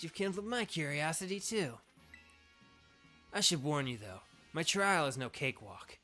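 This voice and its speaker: A man's voice: sits high, bright, forceful tone, pitched above the performer's own voice, heavily acted. A man reading as a fired-up young cook. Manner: eager, fired-up, food puns. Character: upbeat young male cooking-obsessed trainer.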